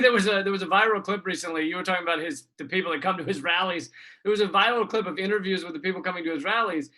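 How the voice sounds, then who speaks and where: A man's voice: high voice, bright, forceful tone, poor audio. An American man, a comedian guest, casually and animatedly recounting a story about a viral clip.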